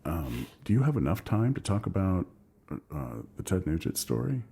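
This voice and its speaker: A male podcast host with a very low voice and a gravelly texture. His speech is halting and hesitant, full of fillers. There is faint background noise behind him. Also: very animated, dark tone. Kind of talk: casual interview.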